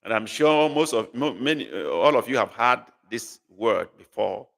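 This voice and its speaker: A man's voice: mid-range voice, animated, moderate pace, vocal fry, fairly bright tone. A man teaching a live online language class, patiently repeating phrases and coaxing learners to guess. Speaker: language tutor. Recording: long reverb.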